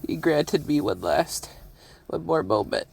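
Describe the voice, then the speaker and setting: A tearful man speaks an emotional personal monologue in a slow, unhurried rhythm. His voice has a gravelly edge, and he stops often to repeat himself, with sighs and soft laughs between his phrases. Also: on the high side, very animated.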